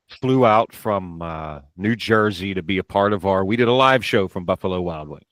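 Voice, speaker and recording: A man's voice: fairly low pitch, fairly bright tone, no room sound. Rambling male podcast host telling stories. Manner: rambling anecdotes with frequent restarts. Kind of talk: casual storytelling chat.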